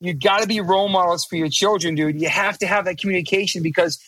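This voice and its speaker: Middle-aged man, high voice, dry close sound, swears a lot, rambling casual chat. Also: steady tone, fast, a bit bright, no echo. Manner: emphatic, profane, rambling with restarts. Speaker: podcast guest.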